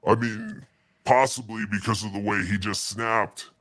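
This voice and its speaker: A man telling a story in a deadpan, halting way as an interview guest. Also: lowish voice, no echo. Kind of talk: casual storytelling.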